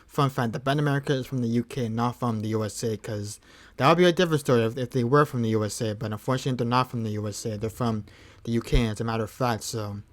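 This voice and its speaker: Male livestream host, relaxed and rambling, fills the gaps between songs with loose chatter and frequent chuckles. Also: medium pitch, fast. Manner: rambling, laid-back, chuckles often. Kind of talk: casual chat between songs.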